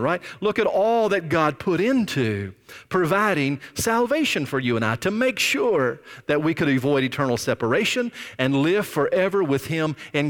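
A male pastor preaching a sermon with emphatic, drawn-out stresses, sometimes dropping almost to a whisper. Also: fairly high pitch, long reverb tail. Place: church sanctuary.

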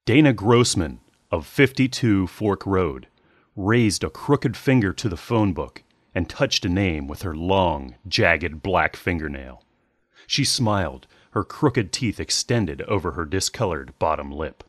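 A man narrating a dark story in a measured, descriptive reading. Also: low-pitched, animated, no echo, studio quality.

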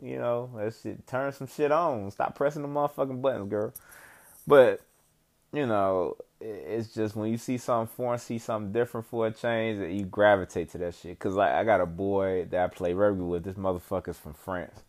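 Young guy, lowish voice, easygoing and profane, casual vlog monologue full of slang. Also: normal speed, a little mellow. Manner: laid-back, rambling, heavy swearing and slang, frequent "you know what I'm saying". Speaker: vlogger giving life updates.

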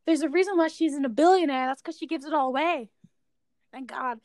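Young woman, podcast co-host, excitable, giggly, swears a lot, fairly high pitch, dry sound. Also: fairly quick, no room sound. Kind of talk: casual chat.

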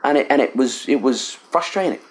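A middle-aged English man, a fly casting instructor, telling an animated, self-deprecating story in a casual interview in a cabin. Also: mid-range voice, brisk. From England. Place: riverside cabin.

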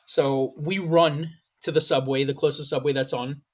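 A man with a slightly high voice tells a long story on a podcast, swearing often and bringing the story to life. He talks in a loose, casual way and slips into the voices of the people he quotes. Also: moderate pace. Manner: animated, profane, acts out quoted lines. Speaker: podcast host.

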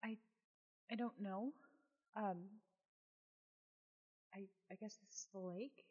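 A woman's voice: mid-range voice, slow pace, darkish tone. A woman playing in a tabletop game, speaking hesitantly with stammering restarts. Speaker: player. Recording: muffled lo-fi audio.

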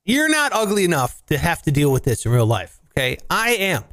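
Animated man with a big expressive voice. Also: fairly high pitch, a little fast. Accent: Southern US. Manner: animated, jumps into silly character voices. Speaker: podcast co-host. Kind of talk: joking banter with put-on voices.

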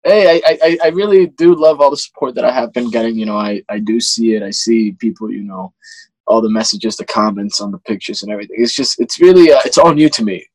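An earnest young man in his twenties, a guest actor talking about his life in a casual interview. He speaks haltingly, restarting often, in a middle-pitched voice. The recording is close and dry. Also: darkish tone, no room sound, poor audio. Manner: earnest, halting, many restarts and "you know".

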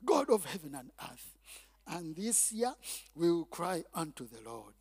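A male pastor preaching a sermon in a call-and-response style, with halting restarts and repeated words, then surging loud on key phrases. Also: on the high side, sing-song, husky.

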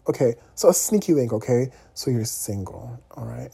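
A young man talking casually to his viewers, candid and animated, often checking in with "okay?" asides. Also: mid-range voice, moderate pace, gravelly, hardly any pauses, breathy edge. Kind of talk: casual vlog monologue.

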